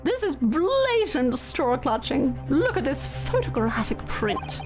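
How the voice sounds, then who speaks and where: Game prosecutor, male, haughty and sneering, drawled slowly, a woman's streamer voice-over, with game music behind. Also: high-pitched, big pitch swings, full character voice. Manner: slow, haughty, disdainful. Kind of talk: reading game dialogue aloud.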